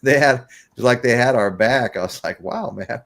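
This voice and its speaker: A man's voice: mid-range voice, fairly quick, fairly bright tone. A middle-aged man hosting a casual live-stream chat, a rambling storyteller who laughs often. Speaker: host.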